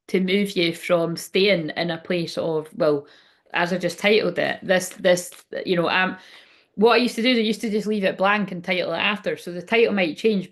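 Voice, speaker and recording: Chatty woman doing tarot. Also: fairly low pitch. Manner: rambling, chatty, swears casually. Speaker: tarot reader. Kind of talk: casual tarot reading to camera. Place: indoors at home by a window.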